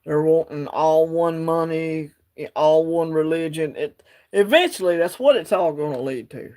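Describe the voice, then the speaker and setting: A man's voice: a little high, unhurried, darkish tone. Rambling man on a phone livestream. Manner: rambling, drawling, reads chat aloud. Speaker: livestream host. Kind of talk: casual livestream chat.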